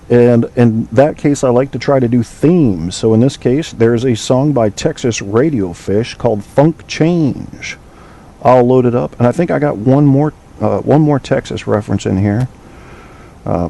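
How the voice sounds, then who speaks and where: A man's voice: mid-range voice, gravelly, mellow. A man hosting a call-in podcast late at night, rambling loosely with profanity and filler. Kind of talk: late-night solo radio show talk.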